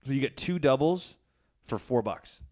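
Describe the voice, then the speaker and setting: A man's voice: medium pitch, lively intonation, moderate pace, darkish tone. A man co-hosting a podcast, telling rambling stories, swearing freely and acting out the people he quotes. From Canada. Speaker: podcast co-host. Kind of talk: casual chat, storytelling.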